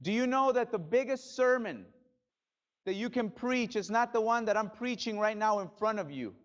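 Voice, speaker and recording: A male pastor preaching a sermon in a church, dramatic, swinging from loud bursts to hushed drops. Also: sits high, animated, normal speed, dull audio. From Spanish-speaking background. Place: church sanctuary.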